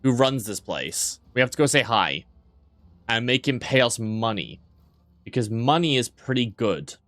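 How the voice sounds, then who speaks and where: A man's voice: mid-range voice, very animated, measured pace, fairly bright tone, dry recording. A man streaming a video game, rambling in casual commentary, swearing freely and poking fun at himself.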